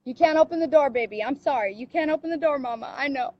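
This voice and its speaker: Standing outdoors beside a car, a mother livestreams on her phone, pleading urgently and sounding agitated as she coaches her children to speak up. Her voice is high and quick, and the recording is muffled with no echo.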